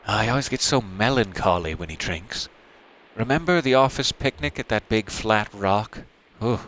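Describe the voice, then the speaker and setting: A man voicing a melancholy, soft-spoken office clerk from a narrative video game. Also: lowish voice, lively intonation, moderate pace, slight background noise, low-quality recording. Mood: wistful. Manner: wistful, quiet.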